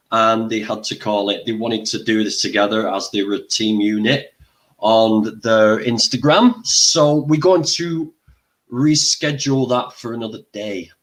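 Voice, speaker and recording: An older man chats on his own livestream at an unhurried, slow pace. He breaks into loud exclamations and keeps talking between bites of food. His pitch sits in an ordinary middle range for a man. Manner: chatty, exclaiming, eats while talking. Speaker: livestream host. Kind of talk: casual livestream chat.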